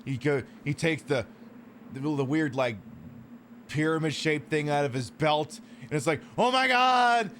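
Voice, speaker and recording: A man's voice: fairly high pitch, steady tone, measured pace, slight background noise. A man casually commenting on a game he is streaming, sarcastic and profane, rambling between topics.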